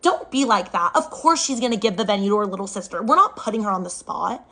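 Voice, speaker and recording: A woman's voice: medium pitch, animated, quick pace, a bit bright. A woman voicing her pregnant younger sister, pushy and wheedling. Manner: wheedling, entitled.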